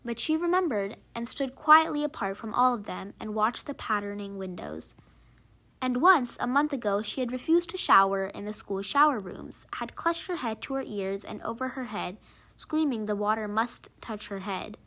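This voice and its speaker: A woman narrating a short story aloud in a measured, expressive reading. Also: a little high.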